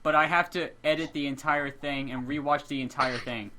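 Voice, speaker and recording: A man's voice: fairly high pitch, steady tone, moderate pace, very noisy. A young man hosting a casual group podcast, laughing hard and shrieking when amused. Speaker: podcast host and editor.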